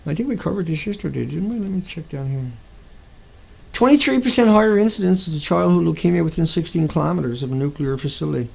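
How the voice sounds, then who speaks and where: Gravelly, furious ranting man. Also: on the high side, expressive, fast talker, darkish tone. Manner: furious, profane, insulting. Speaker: video blogger. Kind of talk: angry profane rant to camera.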